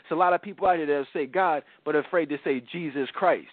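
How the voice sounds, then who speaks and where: A middle-aged man hosting a radio talk show, preaching in a casual, animated way. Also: on the high side, fast talker, no room sound. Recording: dry phone-like radio sound.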